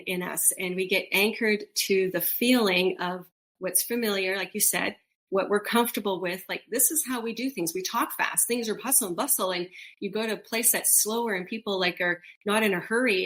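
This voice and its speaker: Chatting briskly in a mid-range voice, a middle-aged woman co-hosts a casual podcast. Her storytelling is animated, with laughs and acted-out quoted voices.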